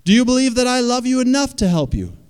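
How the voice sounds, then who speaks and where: A man voicing a calm, patient voice calling from the sky. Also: very high-pitched, fast talker, clean tone, in a large hall, voice pushed up. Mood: calm questioning. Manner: patient questioning.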